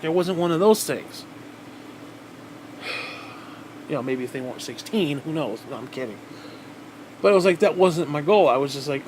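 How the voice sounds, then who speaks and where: A fairly high-voiced man in a heated vlog rant, cursing at nearly every turn and tripping over his restarts. A faint hum of air conditioning runs behind him. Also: moderate pace, long pauses, a little mellow. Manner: heated, swearing constantly, restarting sentences. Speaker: vlogger. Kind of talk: angry profane rant to camera.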